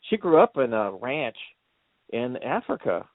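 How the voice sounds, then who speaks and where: A man's voice: medium pitch, sing-song, measured pace, dry recording. A man co-hosting a casual movie review chat, telling stories in a rambling way and acting out quotes. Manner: rambling storyteller, acts out quotes, laughs often. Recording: tinny phone-like line, dry.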